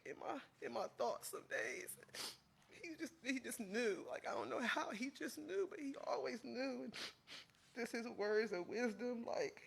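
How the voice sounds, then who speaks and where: A tearful man giving an emotional eulogy as a family friend at a funeral, his voice breaking and his speech halting and full of fillers. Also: very high voice, creaky, fairly bright tone, husky.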